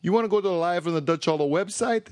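A man's voice: very fast, darkish tone, no echo, close to an everyday voice. Man doing brash Italian-American guy, hammy ad read, broken grammar, dry close sound. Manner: exaggerated accent, broken grammar, playful ad pitch. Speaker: podcast host.

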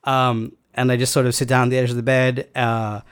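A man telling a long personal story in casual chat, rambling and halting with many fillers and restarts. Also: mid-range voice, little pitch movement, clean tone.

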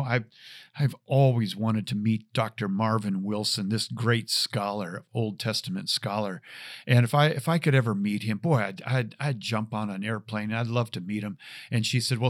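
A middle-aged man tells a personal story as host of his own show, halting now and then and circling back over his words. His voice sits at an everyday middle pitch. The sound is close and dry, with no room echo. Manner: earnest, halting with frequent repeats and fillers.

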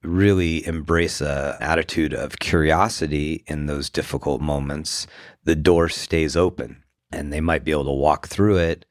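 Very deep-voiced man co-host. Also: fairly even intonation, normal speed, no room sound, clean studio sound. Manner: reflective, sums up his partner's points. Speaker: podcast co-host. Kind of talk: casual relationship talk.

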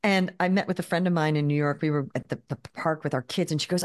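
Woman, fifties or so, kinda low voice, animated chatty storyteller on a podcast. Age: fifties or older. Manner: animated storyteller acting out quoted dialogue; quick talker who repeats and restarts words. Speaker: guest business coach. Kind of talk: conversational podcast interview.

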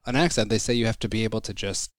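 A man's voice: lowish voice, very fast, dry recording, studio quality. A man from the United States co-hosting a podcast, joking, swearing and laughing a lot. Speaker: podcast co-host. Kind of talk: casual podcast banter.

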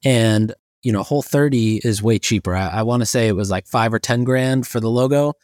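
A man's voice: mid-range voice, fairly quick, darkish tone, no echo, studio quality. Profane, storytelling male podcast co-host. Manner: profane storyteller acting out his own reactions in quotes. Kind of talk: casual business chat.

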